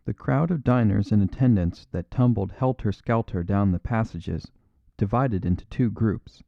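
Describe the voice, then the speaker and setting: A male narrator reads a classic detective story in a measured, even style. His voice sits on the low side. The studio sound is dry and slightly dull. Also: gravelly, no room sound. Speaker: audiobook narrator. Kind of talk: scripted narration of a classic mystery.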